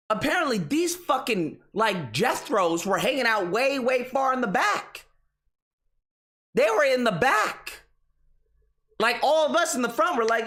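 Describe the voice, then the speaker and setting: A man's voice: very high voice, sing-song, moderate pace, pushed and bright. A young man hosting an online commentary show, ranting in a casual, exasperated and profane way. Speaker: political commentary host.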